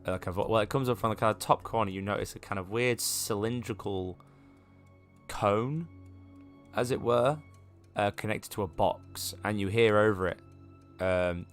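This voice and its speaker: A man's voice: lowish voice, moderate pace, soft background music. A man narrating as game master of a tabletop game, rambling casually with many ums and restarts.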